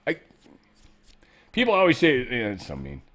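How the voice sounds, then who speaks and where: A man hosting a casual news commentary show. He rambles, jokes and swears, and his pitch and loudness swing a lot. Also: wildly swooping pitch, normal speed. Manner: joking, rambling, profane. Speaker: show host.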